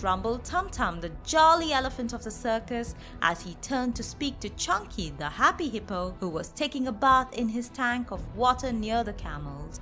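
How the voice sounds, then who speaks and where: A woman narrating a children's storybook aloud in an expressive, animated way. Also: fairly high pitch, normal speed, hardly any pauses, soft background music.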